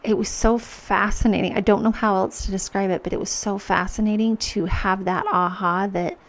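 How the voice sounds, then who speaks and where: A woman's voice: medium pitch, fairly even intonation, moderate pace. A woman hosting a podcast, speaking earnestly in a reflective personal monologue, with many restarts as she acts out her own thoughts. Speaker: podcast host.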